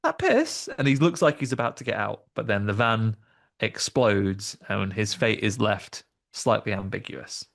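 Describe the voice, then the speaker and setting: A man's voice: on the low side, steady tone, moderate pace, gravelly, a bit bright. A man co-hosting a casual film review podcast, joking and acting out lines from the film. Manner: jokey, acts out film lines in funny voices. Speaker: podcast co-host.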